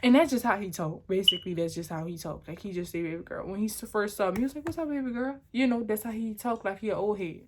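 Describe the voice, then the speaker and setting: A young adult woman recounts a personal story for her vlog. She rambles animatedly, doubling back and restarting her sentences, at an ordinary pitch for a woman. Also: fast, hardly any pauses, very noisy. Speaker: vlogger.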